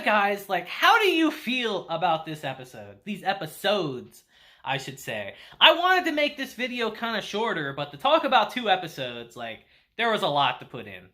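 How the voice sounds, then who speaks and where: Animated, chatty young man reviewing. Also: high voice. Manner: chatty, animated, laughs often, swears. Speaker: anime reviewer. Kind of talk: casual video review.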